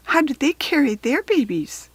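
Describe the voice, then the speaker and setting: A woman's voice: high-pitched, big pitch swings, moderate pace, dry recording, pitched above the performer's own voice. A woman voicing a small, curious young male kangaroo in a storybook reading, asking eager questions.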